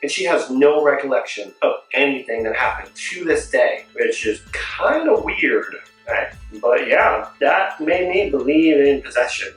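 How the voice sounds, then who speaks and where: A young man telling a storytime tale to camera in a casual, jokey way with quick asides. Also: mid-range voice, lively intonation, a bit bright, recorded from a distance. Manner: chatty, jokey, fast asides. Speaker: vlogger. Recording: roomy echo, off-mic, faint music.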